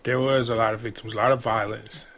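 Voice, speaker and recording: A man's voice: lowish voice, level tone, quick pace, a bit bright. A man co-hosting a podcast, talking in a loose, conversational way with slang and repeated phrases. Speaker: podcast co-host. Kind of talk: casual chat.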